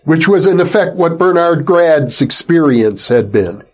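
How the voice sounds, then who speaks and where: A man hosting an interview and asking measured questions. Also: on the high side, animated. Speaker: host.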